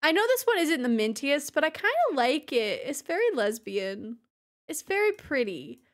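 A woman's voice: high voice, big pitch swings, moderate pace, fairly bright tone. A woman streaming a game, chatting casually with her viewers, giggling and cracking crude jokes. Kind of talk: casual livestream chat while playing.

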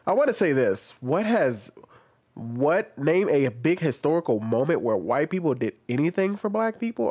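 A man's voice: fairly high pitch, darkish tone. A man giving casual commentary on social media posts, rambling and correcting himself as he goes. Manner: rambling, self-correcting, reads posts aloud.

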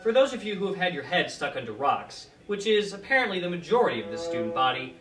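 A young man rants aggressively and profanely in a scripted comedy bit, his pitch leaping around. The voice sounds roomy and a little distant from the mic, with music underneath. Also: big pitch swings, quick pace. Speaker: student election announcer.

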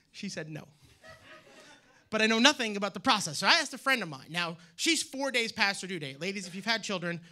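A man from Maine performing a loud, animated stand-up set on a theater stage. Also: fairly high pitch. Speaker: stand-up comedian. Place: theater stage with live audience.

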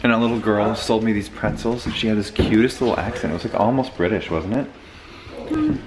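A man chatting casually in a travel vlog on a handheld camera, excitable and jumping to high squeals when delighted. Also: moderate pace, background noise. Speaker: vlogger. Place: on a day trip, in a car then indoors and at a farm. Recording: loud music over the audio.

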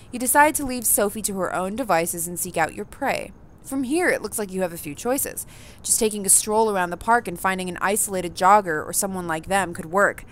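A woman reading a visual novel aloud, expressive, breaking off to react and comment. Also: mid-range voice, slight background noise. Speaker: gaming streamer.

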